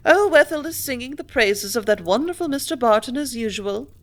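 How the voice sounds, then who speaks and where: A woman voicing a fussy middle-aged widowed mother in an audiobook, pitching her voice higher and exclaiming. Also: animated, a little fast, close to an everyday voice. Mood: fretful. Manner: raised, fretful, exclaiming.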